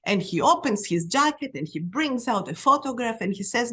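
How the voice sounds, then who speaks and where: A middle-aged woman from Greece, a podcast guest telling stories in a lively way and acting out the dialogue. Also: fairly high pitch, normal speed, husky. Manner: animated storyteller, reenacts dialogue. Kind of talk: storytelling interview.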